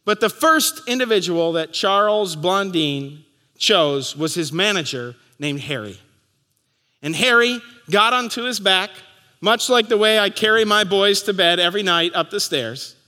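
A man in his thirties preaching a sermon as pastor, telling stories and acting out the crowd's shouts. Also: sits high. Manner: storytelling, acting out crowd voices. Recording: long hall reverb.

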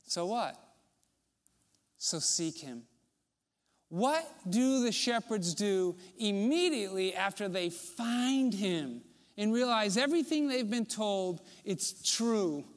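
A man preaching a sermon as pastor, conversational with rhetorical questions, often dropping to a soft, low voice. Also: expressive, takes it slowly, in a large hall.

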